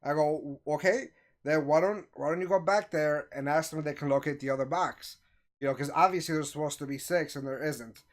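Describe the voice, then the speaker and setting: Animated man telling a story. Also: on the high side, a little fast. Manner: animated, acts out quoted voices. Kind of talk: casual storytelling.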